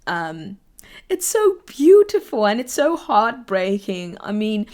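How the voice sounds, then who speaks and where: A woman's voice: mid-range voice, big pitch swings, slow pace, a little mellow. A woman vlogger chatting casually about anime, rambling with many fillers and restarts, and getting teary when something moves her. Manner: rambling, full of fillers, laughs and gets teary. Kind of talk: casual chat.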